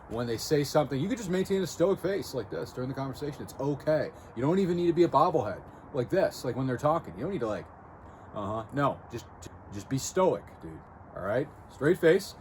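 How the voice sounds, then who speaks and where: Coaching viewers bluntly in a self-improvement video, this man talks to camera in a medium pitch, often checking in with "okay?" and "right?". The background is noisy, and music is clearly audible behind him.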